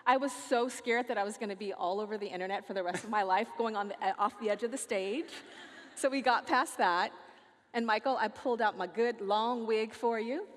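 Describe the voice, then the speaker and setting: An American woman on a festival stage, talking in an animated, playful and sassy way. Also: fairly high pitch, brisk. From United States. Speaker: featured speaker. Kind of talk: onstage conversation. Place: large festival stage hall. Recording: long hall reverb.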